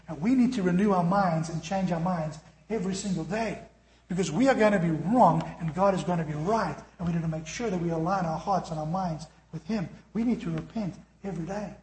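A man's voice: high voice, reverberant. A man preaching a sermon as pastor, earnest and direct, acting out the voices of people he quotes.

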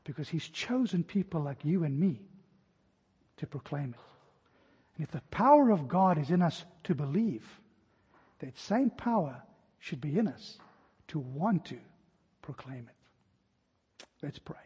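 Husky high-voiced pastor preaching. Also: male voice, sing-song, unhurried, pauses often. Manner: storytelling, voice drops to a hush at key points. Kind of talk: sermon. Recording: dull sound with long hall reverb.

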